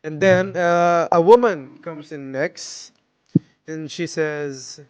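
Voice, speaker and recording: Guy game master narrating, slow, lots of uhs, dry mic. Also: on the high side, a little mellow, clean tone, no echo. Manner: unhurried, with fillers.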